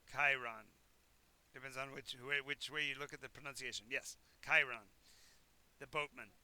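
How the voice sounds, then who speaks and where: A man's voice: mid-range voice, fairly even intonation, brisk, sharp tone. A man narrating a tabletop game as game master, describing scenes in a rambling, self-correcting way.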